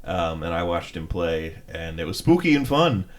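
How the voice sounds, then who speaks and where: Halting, rambling man from Maryland. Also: low-pitched, sing-song. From Maryland, USA. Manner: rambling, halting, with many restarts. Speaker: podcast co-host. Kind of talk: casual chat.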